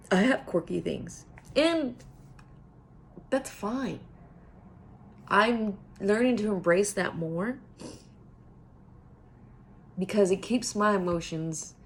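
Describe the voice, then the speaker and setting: A middle-aged woman speaking in a heartfelt motivational monologue, earnest and repeating phrases for emphasis, sometimes dropping to a soft whisper. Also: medium pitch, creaky, a little hiss or hum. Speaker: self-help vlogger.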